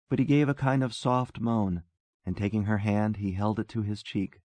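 A man narrating a literary story in a calm, measured way. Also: on the low side, no echo. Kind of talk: scripted narration.

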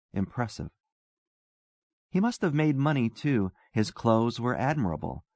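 A man narrating a literary story in a calm, measured way. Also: fairly low pitch, dry recording. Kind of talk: scripted narration.

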